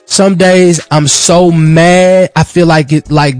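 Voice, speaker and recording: Male radio host, plain-spoken and heartfelt, slightly high voice, music bed. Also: fairly even intonation, slow pace, few pauses, a little mellow, no echo. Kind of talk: casual radio talk and prayer.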